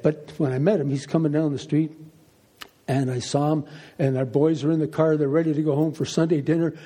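A man's voice: fairly high pitch, dark tone, breathy edge. A middle-aged man teaching the Bible emphatically, asking rhetorical questions and repeating key phrases.

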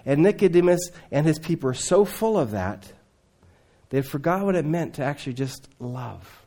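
A man preaching a sermon, swinging between loud emphatic lines and hushed, low asides. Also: lively intonation, normal speed.

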